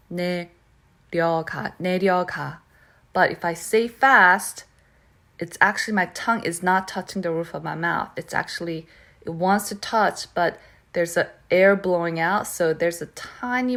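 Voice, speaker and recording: A woman teaching pronunciation who repeats words slowly and keeps checking in with "okay?". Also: mid-range voice, a bit bright. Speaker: Korean language teacher. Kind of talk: pronunciation lesson.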